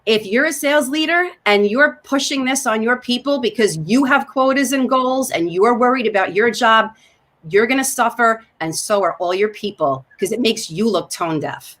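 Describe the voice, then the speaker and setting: A woman with a New York accent, a sales coach talking in an emphatic, animated way on a video call. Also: a little high. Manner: emphatic, fast and animated when excited. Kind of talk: animated talk-show conversation.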